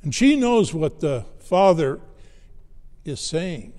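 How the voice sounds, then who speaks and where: Slow, measured preacher in a reverberant hall. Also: male voice, fairly high pitch, sing-song, mellow. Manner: slow, measured storytelling with dramatic pauses. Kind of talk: sermon.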